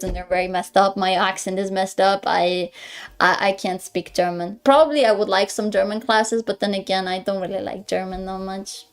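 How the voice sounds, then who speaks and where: Speaking at a medium pitch, a young streamer from Greece with Greek as her first language rambles through casual live-stream chat. She keeps correcting herself, stumbling over words and laughing frequently.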